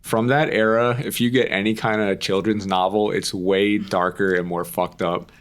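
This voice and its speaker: A man's voice: on the low side, little pitch movement, normal speed. A young man co-hosting a podcast in a casual chat, rambling and chatty with lots of "like" and the odd curse word. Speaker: podcast co-host.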